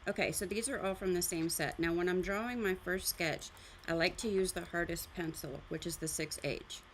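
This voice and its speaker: A woman's voice: on the low side, normal speed, slight background noise. Chatty woman hosting a live drawing session. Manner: chatty, rambling, explains as she goes. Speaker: art livestream host. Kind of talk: casual live drawing demonstration. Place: art studio.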